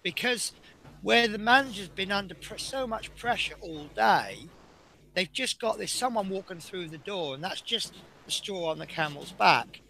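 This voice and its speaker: Chatty, bright-voiced man rambling. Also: high voice, animated, moderate pace, gravelly. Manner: rambling and anecdotal, chuckling often. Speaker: bus driver and streamer. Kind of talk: casual chat while building a model.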